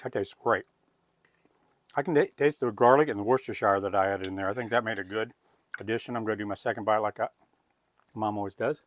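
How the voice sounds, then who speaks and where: A man's voice: on the low side, quick pace, long pauses. A man hosting a home cooking video, talking in a folksy, chatty, rambling way. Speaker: cooking channel host. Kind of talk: casual cooking video chat. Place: home kitchen.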